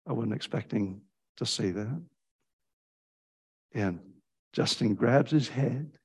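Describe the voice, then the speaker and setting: Man preaching an animated sermon. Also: slow pace, breathy edge. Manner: animated storytelling with sudden pitch jumps when quoting; fillers and restarts, conversational preaching.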